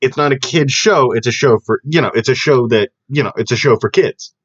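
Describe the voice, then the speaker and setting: A young man co-hosting a podcast in casual chat, rambling and animated with lots of fillers and restarts. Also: medium pitch, brisk. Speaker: podcast co-host. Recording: dull lo-fi podcast audio.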